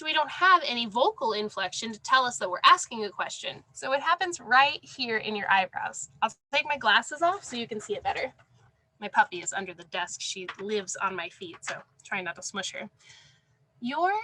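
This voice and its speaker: A woman's voice: fairly high pitch, lively intonation, moderate pace, pushed and bright, dry recording, rough recording. A woman teaching a class over a video call from home, encouraging and praising students by name. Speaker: sign language teacher. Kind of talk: online class instruction. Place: home, with a dog under the desk.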